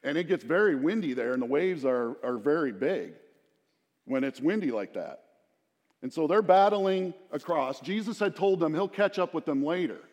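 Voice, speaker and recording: A man's voice: a little high, animated, normal speed, a little mellow. A middle-aged man preaching a sermon in a conversational, storytelling way, with asides to the congregation. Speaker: pastor. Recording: long hall reverb.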